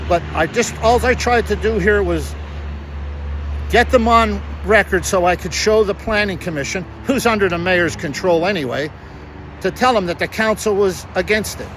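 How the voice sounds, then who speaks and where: An agitated man rants outdoors for his vlog, circling back over the same points. His voice sits high, and faint street noise runs behind him. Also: normal speed, fairly bright tone, rough recording. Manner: agitated, repetitive, rambling. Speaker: citizen reporter. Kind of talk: angry vlog rant.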